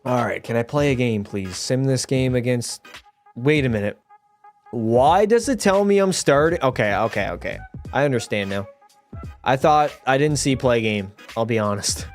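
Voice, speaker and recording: A man's voice: mid-range voice, normal speed, soft background music. A young man streaming a hockey game live, talking to his chat, swearing and getting fired up, a bit tipsy. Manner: profane, excitable, talks to chat. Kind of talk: live gameplay commentary.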